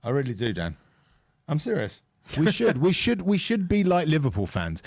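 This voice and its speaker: A man co-hosting a football fan watch-along, talking in an animated, opinionated and jokey way. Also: a little high, normal speed, gravelly, no room sound, clean studio sound. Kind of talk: casual chat.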